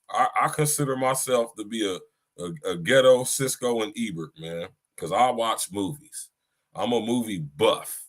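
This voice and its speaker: A man's voice: medium pitch, a bit bright. A man hosting a podcast in a blunt, casual way, full of slang and repeating himself. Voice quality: blunt, slangy and repetitive, often adds "you hear me". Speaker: podcast host. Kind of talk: casual chat.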